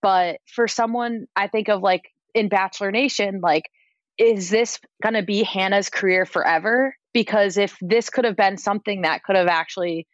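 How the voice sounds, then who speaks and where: A podcast guest who works as an entertainment editor chats casually and loosely, leaning on frequent "like" fillers. Her medium-pitched voice moves at a moderate pace in a dry, dull-sounding recording.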